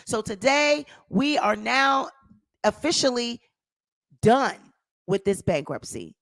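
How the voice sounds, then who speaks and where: Woman host, high voice, emphatic celebrity gossip commentary. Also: expressive, unhurried, a bit bright, no echo. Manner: emphatic, repeats phrases for effect. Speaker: channel host.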